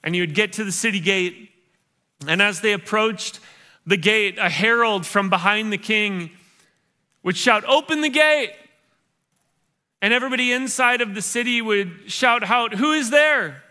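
A pastor with a high, bright and ringing voice preaches a church sermon. His delivery is conversational and playful. He keeps slipping into the voices of his listeners to act out what they are thinking. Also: fairly even intonation, moderate pace. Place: church service.

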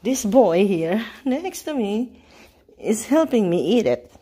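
A woman's voice: mid-range voice, sing-song, slow, dark tone, slightly rough. A woman vlogging at home at night, chatting casually and cooing baby talk to her dogs. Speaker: vlogger filming her pets. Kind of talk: casual chat.

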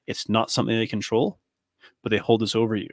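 A man's voice: lowish voice, little pitch movement, fast talker, dry recording, clean studio sound. A man in his thirties hosting a podcast, delivering an angry, impassioned monologue full of rhetorical questions. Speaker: podcast host.

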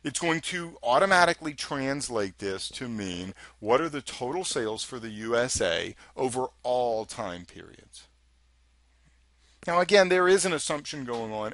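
A man's voice: mid-range voice, a bit bright, no room sound. A man teaching a recorded technical lesson in a chatty, conversational way, often asking rhetorical questions. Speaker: instructor.

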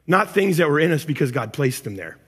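A man preaching a sermon as pastor, animated and acting out angry complaints before dropping to soft, intimate tones. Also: on the high side, brisk, slightly rough. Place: church auditorium. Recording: church hall reverb with music.

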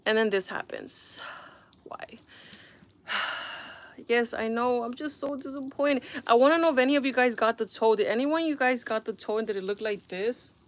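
A woman's voice: fairly high pitch, fairly quick. A woman vlogging at home with a phone camera, reviewing a handbag in a rambling, exasperated way with frequent sighs. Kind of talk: casual product review vlog.

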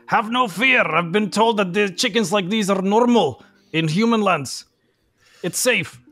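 A man's voice: medium pitch, expressive, a little slow, fairly bright tone, slightly rough, faint music behind, heavily acted. A man voicing a blunt male dwarf warrior with a put-on accent. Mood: reassuring.

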